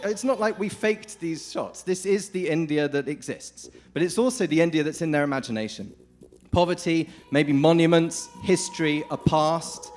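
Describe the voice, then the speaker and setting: A man from the United Kingdom giving a lively, informal conference talk, often addressing the audience directly. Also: on the high side. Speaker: conference speaker. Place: conference hall.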